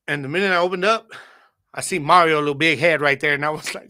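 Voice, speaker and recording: A podcast host tells a childhood story in animated, slangy style, talking straight to his listeners. He speaks quickly in a fairly high voice.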